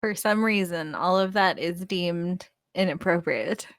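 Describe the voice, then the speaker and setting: A woman's voice: on the low side, measured pace, no room sound, clean studio sound. A woman in her thirties chatting casually on a stream, rambling through stories and laughing often. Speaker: guest co-host. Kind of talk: casual chat on a live stream.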